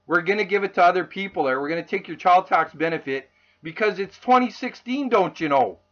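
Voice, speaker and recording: A man's voice: high-pitched, animated, a little fast, fairly bright tone. A man mocking a smug sing-song prime minister. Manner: sneering sing-song mockery. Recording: dull lo-fi recording.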